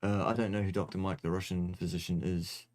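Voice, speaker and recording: A man with a fairly low voice hosting a loose question-and-answer session. He teases his co-host and answers in a dry, joking way. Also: little pitch movement, fairly quick, darkish tone. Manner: dry, teasing, jokey. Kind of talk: casual livestream chat.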